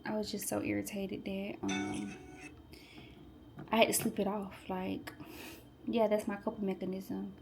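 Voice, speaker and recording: A young woman in her twenties talks to her viewers in a relaxed, chatty way as she cooks in her home kitchen. She sits a little back from the microphone, so her voice sounds slightly distant. Her pitch sits in an ordinary middle range for a woman. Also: unhurried, pauses often, music in the background. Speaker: pharmacy student vlogger. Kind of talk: casual chat. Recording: voice a bit far from the mic.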